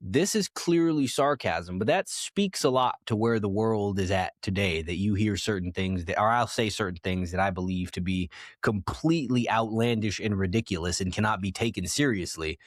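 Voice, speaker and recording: A man co-hosting a casual opinion podcast, arguing his points with lively, rising emphasis. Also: moderate pace, few pauses, no room sound, studio quality. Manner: animated, argumentative, voice jumps high for emphasis. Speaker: podcast co-host.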